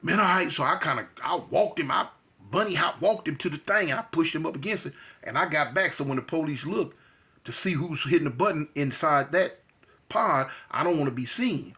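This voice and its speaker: With a voice that sits a little high and a fairly quick delivery, a California man tells a jail story. His style is animated and full of slang, and he acts out what people said along with sound effects.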